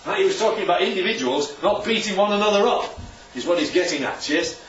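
A man preaching a sermon from a distance, his voice bouncing around an echoey room. He talks in a loose, conversational way, often tossing out rhetorical questions. His pitch sits a little high and swings widely. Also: lively intonation, fast, a bit bright, lo-fi sound, a little hiss or hum.

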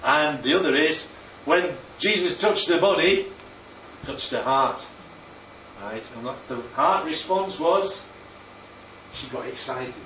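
A man's voice: on the high side, slow pace, slight background noise. Man preaching in an echoey hall. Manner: lively, peppers talk with "Right?" and "Yeah?". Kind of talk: sermon. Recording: echoey, distant, dull sound with faint ambience.

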